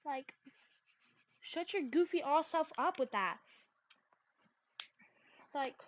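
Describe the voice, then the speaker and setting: A woman's voice: sits high, expressive, takes it slowly, long pauses. A woman vlogger ranting casually and animatedly, packing her talk with "like" fillers and exasperated asides.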